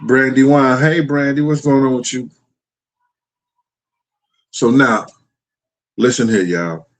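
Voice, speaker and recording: On a low-quality recording, a middle-aged man speaks slowly in a mid-range voice. He's hosting a livestream, casually telling blunt, profane stories to his chat.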